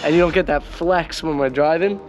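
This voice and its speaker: A man's voice: fairly high pitch, brisk, highs cut off. A man with a New York accent, a van life vlogger, casually explaining a hands-on install outdoors. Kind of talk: casual how-to narration. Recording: music playing behind voice.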